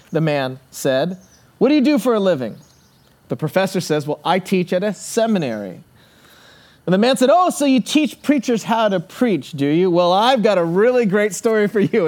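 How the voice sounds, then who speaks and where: A man preaching a sermon, earnest, slowing and dropping low on key words and acting out the people in his stories. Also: darkish tone. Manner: storytelling with acted-out quotes. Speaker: pastor.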